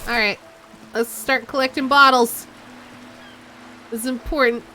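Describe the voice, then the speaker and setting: A woman's voice: on the high side, fairly even intonation, measured pace, sharp tone, slight background noise. A young woman streaming a game, playful and chatty, reading the text aloud and commenting as she goes. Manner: playful, chatty, laughs often. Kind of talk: game let's play with read-aloud narration.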